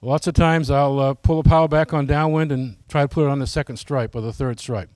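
A man's voice: medium pitch, fairly even intonation, brisk, a little mellow, no echo. A man giving a casual, folksy presentation to his flying club, often asking the audience questions.

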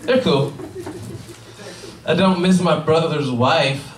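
A man doing a stand-up comedy set, telling profane, animated stories with exaggerated voices to a live audience. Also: fairly high pitch, takes it slowly, long pauses. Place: cannabis club comedy show before a live audience. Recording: roomy live room, distant mic, crowd laughter.

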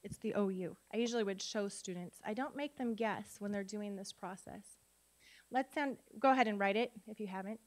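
A woman's voice: mid-range voice, a little fast. A woman at a conference workshop who leads the audience through spelling dictation, sounding words out syllable by syllable and asking them questions. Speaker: literacy teacher and conference speaker. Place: conference room before an audience.

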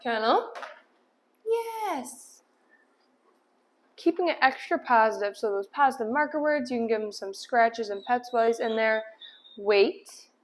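High-voiced woman coaching dog training. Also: fairly quick, hardly any pauses. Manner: explains steps between short commands to a dog; upbeat praise, firm cues. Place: indoor room with dogs.

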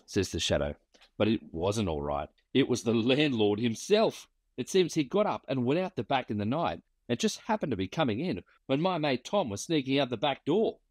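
Wry bushman yarn-spinner, read by a man, lively up and down delivery, dry close sound. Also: mid-range voice, dry recording. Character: weathered male bushman spinning yarns.

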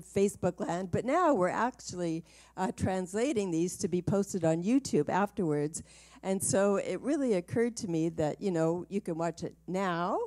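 A woman minister opening a livestreamed church service, chatty and laughing easily. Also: fairly low pitch. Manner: chatty and warm-hearted, laughs easily, light fillers. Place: small home worship space.

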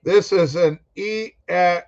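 A man hosts a casual livestream about records, rambling and joking with his chat. His voice sits a little high. The sound is dull and lo-fi. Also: slow pace. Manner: rambling, jokey, talks back to chat commenters. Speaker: host of a record-collecting livestream. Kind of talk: casual live-chat talk.

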